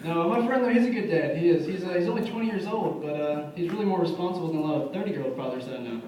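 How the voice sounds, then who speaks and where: A man's voice: fairly high pitch, racing, a little mellow, slight background noise. Young male comic in an echoey club. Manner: conversational storytelling, acts out friends' quotes. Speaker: stand-up comedian. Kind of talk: stand-up comedy set. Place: bar music venue. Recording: echoey, distant room mic. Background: audience laughter.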